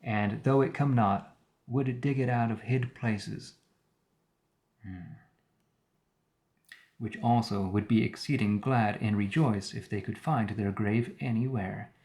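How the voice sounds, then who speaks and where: Working through archaic scripture on a live stream, this man has a fairly low, somewhat mellow voice. He breaks in now and then to paraphrase the language and add his own thoughts.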